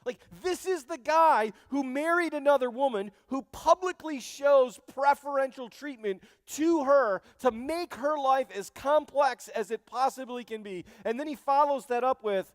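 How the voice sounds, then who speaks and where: A man preaching a sermon as pastor, animated and joking, speaking straight to his congregation in a church. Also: very high-pitched, unhurried, few pauses, dry recording, clean studio sound, big-room sound. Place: church sanctuary.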